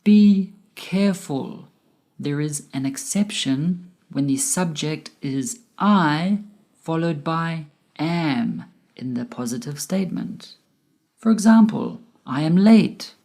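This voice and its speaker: A woman with a low, mellow voice narrates a grammar lesson. She speaks at an unhurried pace and pronounces each word clearly, like a teacher reading from a script. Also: expressive. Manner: slow, careful, clearly enunciated explanation. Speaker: English teacher.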